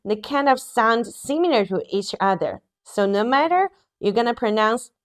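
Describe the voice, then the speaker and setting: A young adult woman with a Chinese accent, a native Mandarin speaker, teaching an online language lesson and slowly drawing out tones for learners to repeat. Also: on the high side, expressive. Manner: slow, drawn-out modelling of tones for repetition.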